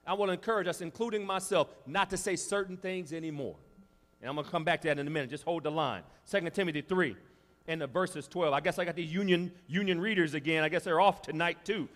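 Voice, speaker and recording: A man preaching a sermon, swinging between loud, shouted climaxes and quiet asides. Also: high voice, moderate pace. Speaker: pastor. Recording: long reverb of a large hall.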